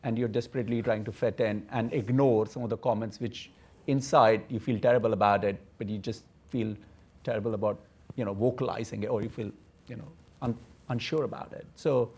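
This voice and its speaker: A man speaking as a corporate executive on a conference panel, earnest and measured, often repeating words as he works toward a point. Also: lowish voice, steady tone, a little mellow, husky. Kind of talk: panel discussion.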